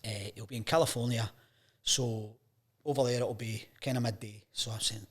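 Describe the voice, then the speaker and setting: At a normal pace and with a slightly rough mid-range voice, a fifty-something sports journalist from Scotland shares stories on a chat show. His telling is relaxed and animated, and he imitates the voices of the characters he quotes.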